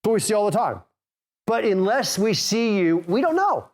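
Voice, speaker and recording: A middle-aged man who hosts a golf podcast. He coaches his listeners in an energetic, direct way and keeps calling out "okay?" and "guys". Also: sits high, moderate pace. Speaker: golf instructor and podcast host.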